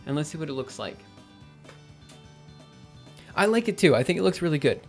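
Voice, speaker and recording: A man's voice: on the high side, sing-song, moderate pace, soft background music. A young man streaming his programming session, thinking aloud with lots of fillers and self-corrections, his voice a bit worn. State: losing his voice. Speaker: livestreaming programmer. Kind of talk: casual live coding commentary.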